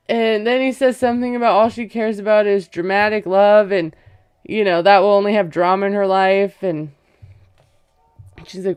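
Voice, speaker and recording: Smooth-voiced woman recapping reality TV. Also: medium pitch, fairly even intonation, moderate pace, a little mellow, no room sound, clean studio sound. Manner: gossipy, retells scenes with quoted voices and laughs. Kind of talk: casual chatty recap.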